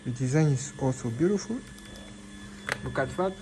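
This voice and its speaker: A man's voice: medium pitch, expressive, moderate pace, dark tone, slight background noise, low-quality recording. A man filming an unboxing vlog on a phone, exclaiming in disbelief and repeating himself. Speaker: vlogger. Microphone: phone camera.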